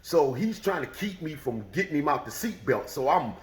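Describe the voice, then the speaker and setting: Animated man telling a story, echoey room. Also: on the high side, moderate pace. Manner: animated, acts out the other people's voices. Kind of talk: casual storytelling.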